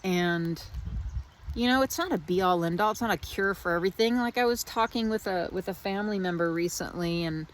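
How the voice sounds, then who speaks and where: A woman's voice: on the low side, brisk. A woman vlogging outdoors in the rain, musing in a meandering, reflective way with many restarts. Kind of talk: casual spiritual reflection.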